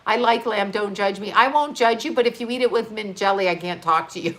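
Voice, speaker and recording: A woman's voice: medium pitch, brisk, few pauses. A woman hosting a casual live stream, rambling between topics, swearing freely and laughing as she talks. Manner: laughs often while talking. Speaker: livestream host. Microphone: on-camera mic.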